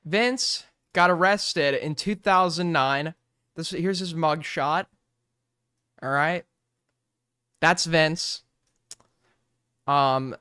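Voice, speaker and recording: A sarcastic young man talks casually over clips and swears often. His voice is smooth and crisp, slightly high, and recorded close and dry. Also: extremely slow, pauses often, sharp tone, dry recording. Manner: crude, sarcastic, swears freely. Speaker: streamer reacting to videos.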